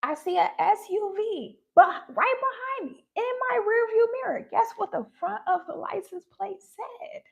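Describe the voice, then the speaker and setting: High, gravelly-voiced woman telling a story. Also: moderate pace, few pauses. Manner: earnest, animated retelling with acted quotes. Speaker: spiritual livestream host. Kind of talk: personal storytelling on a livestream. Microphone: phone livestream.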